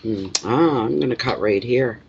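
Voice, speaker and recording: A man's voice: mid-range voice, moderate pace. A man with a stuffy nose, rambling to himself while he gets ready for a casual card reading. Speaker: card reader. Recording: lo-fi with clear background noise.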